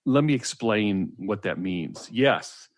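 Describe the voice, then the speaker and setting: Low-voiced man explaining on talk radio. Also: lively intonation, slow pace, no room sound. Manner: earnest, explaining, frequent fillers. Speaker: co-host.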